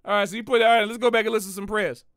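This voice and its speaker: A man, a jazz musician hosting a livestream, talking in a casual, slangy and animated way and repeating phrases for emphasis. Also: high voice, rapid-fire, music in the background.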